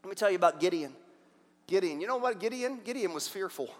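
A male pastor preaching a sermon, energetic, throwing out rhetorical questions and swinging between loud and soft. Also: sits high, quick pace, long reverb tail.

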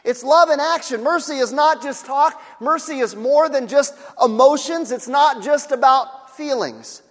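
Male pastor, very high voice, sermon delivery with repeated phrases, long hall reverb. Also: unhurried, fairly bright tone. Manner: repeats key phrases, acts out sighing bystanders.

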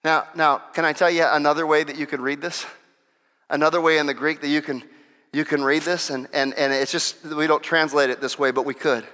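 A man preaching a sermon in an animated way, stumbling over restarts and acting out the quotes he tells. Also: a little high, fairly quick. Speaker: pastor. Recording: long reverb of a large hall.

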